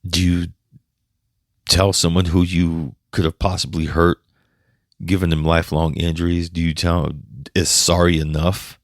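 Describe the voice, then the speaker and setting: A man hosting a podcast, telling a personal story in a halting, emotional way, with restarts and some swearing. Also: low-pitched, level tone, dry recording, studio quality. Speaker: podcast host.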